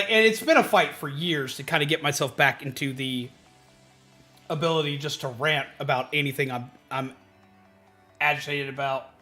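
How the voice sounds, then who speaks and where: Bright high-voiced ranting male streamer. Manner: animated ranting, swears freely, greets chat loudly. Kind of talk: casual livestream chat.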